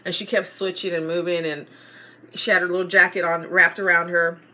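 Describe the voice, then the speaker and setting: A woman's voice: fairly low pitch, flat delivery, fairly quick, pushed and bright. A middle-aged woman, chatting casually to her viewers and rambling through a personal story with lots of fillers. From Texas. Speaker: vlogger. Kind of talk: casual chat to camera.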